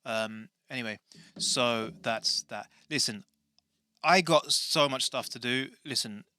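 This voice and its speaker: A man's voice: mid-range voice, slow pace, bright, forceful tone. A man hosting a podcast, chatting in a scattered, self-mocking way full of tangents. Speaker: podcast host. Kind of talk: rambling casual chat.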